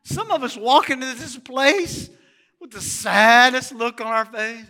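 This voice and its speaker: A middle-aged male pastor preaching a sermon in a church, animated and asking the congregation questions. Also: very high-pitched, a little slow, in a large hall.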